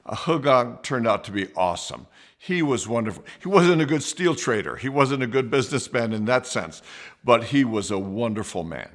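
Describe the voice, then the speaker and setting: A man hosting a podcast, telling a personal story in a lively way, with restarts and acted-out quotes. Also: medium pitch, normal speed.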